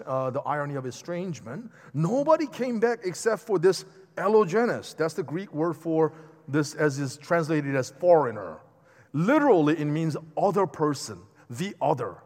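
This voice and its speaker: A man preaching a sermon in a lively, conversational way, with asides to the congregation. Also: high-pitched. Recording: long hall reverb.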